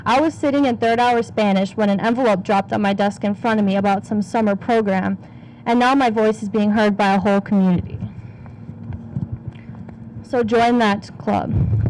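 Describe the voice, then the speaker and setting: A teenage girl reading a prepared speech in an earnest, steady delivery to a community audience. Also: medium pitch, slight background noise, rough recording. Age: teens. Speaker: youth speaker.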